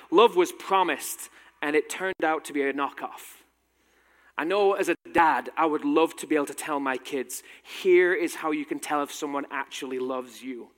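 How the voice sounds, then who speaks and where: A man's voice: on the high side, fairly bright tone. A man in his thirties with a British accent with a slight American tinge, telling a personal story with wry, self-deprecating humor in a talk. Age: 30s. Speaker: speaker giving a talk. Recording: long hall reverb.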